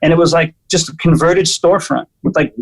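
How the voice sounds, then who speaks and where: A man, a guest musician, chatting and telling stories in an animated, casual way. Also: fairly high pitch, brisk, poor audio. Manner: animated, lots of fillers and restarts. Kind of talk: casual storytelling chat.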